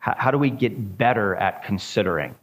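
Male pastor, low voice, informal teaching, hesitant and repetitive delivery. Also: animated, breathy edge. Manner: halting, many ums and repeated words. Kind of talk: informal church teaching and discussion.

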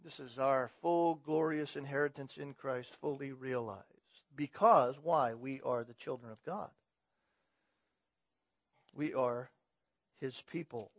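A man's voice: mid-range voice, takes it slowly, long pauses, no echo. Man preaching a sermon, dry dull sound. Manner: swings from loud, emphatic preaching to quiet, conversational asides. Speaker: pastor.

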